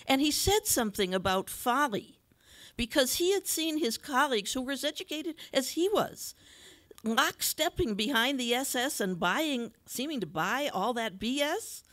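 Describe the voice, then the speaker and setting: A woman's voice: high voice, animated, normal speed, a bit bright. A woman moderating a panel forum, speaking in a conversational, thoughtful way. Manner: conversational, thoughtful, with light laughter. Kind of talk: panel discussion remarks.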